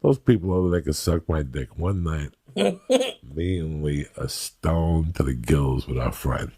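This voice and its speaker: With an extremely low, warm voice that has a breathy edge, this Cuban-American man in his fifties is very animated but unhurried. A comedian guesting on a podcast, he tells brash, swearing comic stories and voices the people in them.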